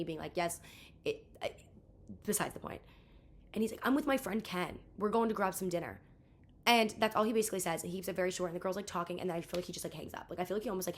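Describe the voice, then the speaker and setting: A woman's voice: lowish voice, slight background noise. A young woman in her twenties telling a rambling storytime vlog, venting and exasperated, full of "like" and acted-out quotes. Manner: rambling, heavy use of "like", quoting others. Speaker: vlogger.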